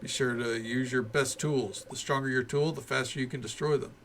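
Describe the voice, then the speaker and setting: A man's voice: mid-range voice, fairly even intonation, a little fast, a bit bright, a little hiss or hum, lightly acted. A man voicing an upbeat festival event announcer as he reads game dialogue aloud, with rallying, showy delivery. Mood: announcing.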